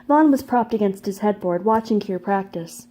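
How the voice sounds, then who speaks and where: A woman reads a fantasy novel aloud in a steady, measured narration. Her voice is warm and mellow, sitting at an ordinary middle pitch. She keeps an even storybook pace through the prose. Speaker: audiobook narrator. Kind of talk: scripted narration.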